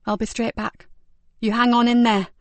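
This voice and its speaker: A woman's voice: fairly high pitch, little pitch movement, normal speed, no room sound, pitched above the performer's own voice, lightly acted. Urgent woman detective, as a woman narrator reads her. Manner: urgent, pleading.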